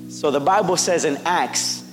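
A high-pitched male pastor delivers a sermon in a church, his voice carrying a long hall reverb over soft background music. He tells the story in an easy, conversational way, acting out quotes, then climbs into loud, shouted emphasis. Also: unhurried. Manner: preaching with rising shouts and acted-out quotes. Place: church sanctuary.

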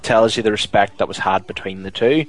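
Male co-host, low voice, chatty and steady, light music underneath. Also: brisk, rough recording. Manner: chatty, steady storytelling with many fillers. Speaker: podcast co-host. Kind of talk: casual chat.

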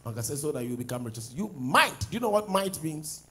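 Pastor, male, husky and high-pitched, animated pulpit sermon with big swings in volume. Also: fast, poor audio. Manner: animated preaching, swings from loud declarations to low asides.

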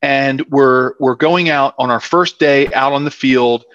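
A man's voice: mid-range voice, measured pace, fairly bright tone. A man, a former football player telling long rambling stories in an interview, full of fillers. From South Philadelphia, USA. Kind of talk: casual storytelling interview. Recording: dull dry muffled audio.

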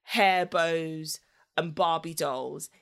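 Chatty woman with a lowish voice. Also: very slow, clean tone. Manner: chatty, laughs often, acts out voices in anecdotes. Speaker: podcast guest. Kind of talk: casual storytelling chat.

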